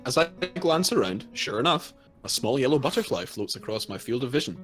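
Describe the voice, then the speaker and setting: Brief: male let's-player, mid-pitched, reads the story text with a joking edge; soft guitar in the background. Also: sing-song, a little fast. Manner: jokey, swears freely, breaks into laughter. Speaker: let's play co-host reading the game text. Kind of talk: reading game narration aloud with casual banter.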